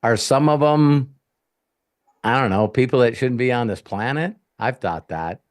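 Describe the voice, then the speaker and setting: Male coach, middle pitch, blunt and profane, animated storyteller. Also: unhurried. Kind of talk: live Q&A coaching talk.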